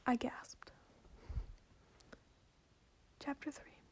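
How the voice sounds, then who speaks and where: A woman reading a story in a soft, deadpan whisper, in a whispered ASMR reading style. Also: very slow.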